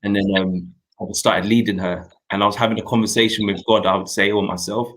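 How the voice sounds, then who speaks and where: A young adult man, hosting a talk show and telling a personal story in an earnest, reflective way, with pauses and restarts. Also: fairly low pitch, steady tone, a bit bright, rough recording. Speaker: host.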